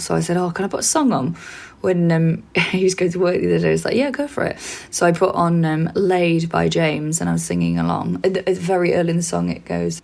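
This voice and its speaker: Woman, podcast cohost, fast chatty storyteller, gravelly, husky, lowish voice. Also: a little mellow. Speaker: comedian podcast co-host. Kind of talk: casual chat.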